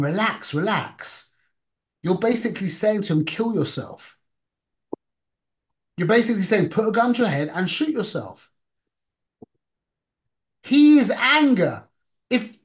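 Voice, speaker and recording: A man giving an informal Torah class, talking conversationally, asking the group questions and mixing Hebrew and Yiddish terms into his English. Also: a little high. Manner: asks the listeners questions. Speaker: Torah teacher.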